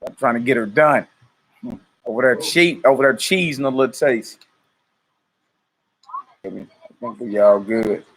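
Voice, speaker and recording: A man hosts a relaxed ministry livestream, calling out viewers by name and hyping them up. He laughs easily and talks loosely in a mid-pitched voice. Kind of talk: casual livestream chat before prayer.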